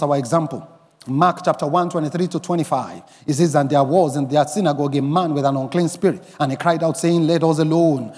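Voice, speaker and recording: High-voiced preaching pastor, man. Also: in a large hall. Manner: emphatic preaching, rising to shouts and snatches of song. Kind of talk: sermon. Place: church.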